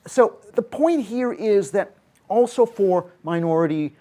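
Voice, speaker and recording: Higher-voiced man explaining earnestly. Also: animated, a little slow, dark tone. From Canada. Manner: earnest, explanatory, frequent self-corrections. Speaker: panel speaker, social scientist. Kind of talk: public talk at a debate event.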